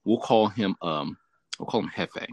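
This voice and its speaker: The host's voice is fairly low and his delivery unhurried, with no room sound in the recording. A Southern Californian, he tells an animated story during a casual chat, full of profanity and laughter.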